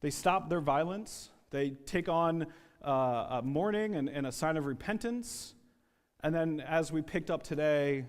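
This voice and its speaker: High-voiced male pastor in a reverberant church. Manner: storytelling, acts out quoted voices, some repeated words. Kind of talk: sermon. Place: church sanctuary. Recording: long reverb of a church hall.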